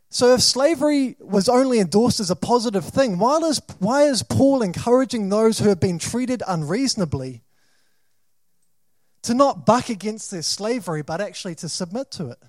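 Man, New Zealand accent, sermon, high voice, dry close sound, probing questions. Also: animated, normal speed, dry recording. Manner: questioning, dramatic, rising to emphatic bursts. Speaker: preacher.

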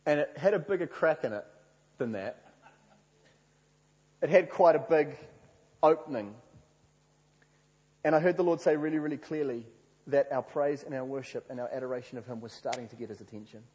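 A man preaching a sermon, telling a story with lively acted-out quotes. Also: mid-range voice, normal speed, long pauses, husky. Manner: animated storyteller, acts out quoted prayers. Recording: reverberant hall.

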